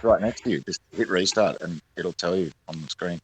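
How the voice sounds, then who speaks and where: Low-voiced Australian man, teasing. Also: brisk, husky, rough recording. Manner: teasing, probing questions. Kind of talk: casual chat.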